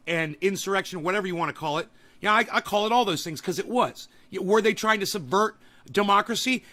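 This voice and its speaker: A man hosting a political podcast, ranting profanely and breaking into shouts. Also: sits high. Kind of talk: angry political rant.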